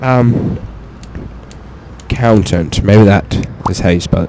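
A young man giving profane, excitable let's play commentary, talking to himself as he plays. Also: lowish voice, takes it slowly, pauses often, a little hiss or hum. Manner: profane, excitable, talks to himself while playing.

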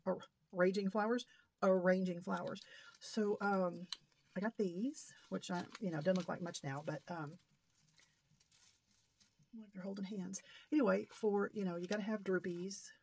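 A woman's voice: mid-range voice, steady tone, normal speed, a little mellow, slightly rough. A middle-aged woman, rambling folksily through a casual haul video. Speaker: crafting vlogger.

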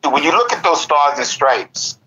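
A man's voice: on the high side, big pitch swings, normal speed, bright, forceful tone. An American man in his fifties, a guest in a casual conversation, reflective and often agreeing. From United States. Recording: muffled lo-fi audio.

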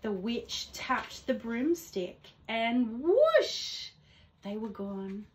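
Teacher lady reading a storybook to kids, high voice, nice and slow, really expressive. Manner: gentle, expressive, rhyming storytelling. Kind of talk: read-aloud storytelling for children.

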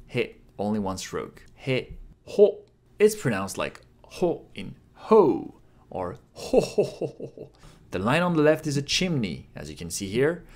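Lively man teaching Japanese. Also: medium pitch. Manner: playful, with drawn-out demo pronunciations. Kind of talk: lively scripted lesson.

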